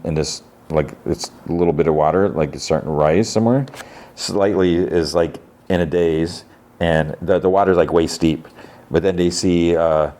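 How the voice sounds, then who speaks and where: A podcast host with a low voice walks through a TV episode in an easy, casual way. He rambles, fills gaps with "like" and often restarts his sentences. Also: dark tone.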